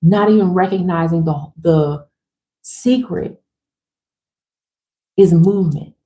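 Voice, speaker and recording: A woman's voice: lowish voice, slow, mellow. Fired-up, slangy woman giving a pep talk. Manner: fired-up, emphatic, swears casually; slangy, chatty, speaks straight to women viewers. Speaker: motivational speaker. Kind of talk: casual livestream pep talk.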